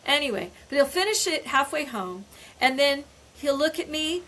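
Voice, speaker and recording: An older woman co-hosting a casual chat podcast, a lively storyteller who acts out everyday exchanges. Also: high-pitched, moderate pace, slight background noise. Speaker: podcast co-host.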